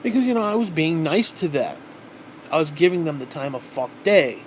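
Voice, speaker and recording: Vlogger, male, voice sitting a bit high, furious profane rant, faint AC hum underneath. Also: expressive, normal speed. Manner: heated, swearing constantly, restarting sentences. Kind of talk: angry profane rant to camera.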